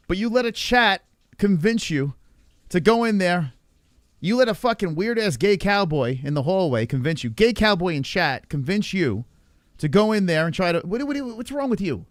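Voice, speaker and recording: A man hosting a livestream, loud and profane, reacting to a clip and talking to his chat. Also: high voice, no echo, clean studio sound. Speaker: livestream host. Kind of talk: casual livestream commentary.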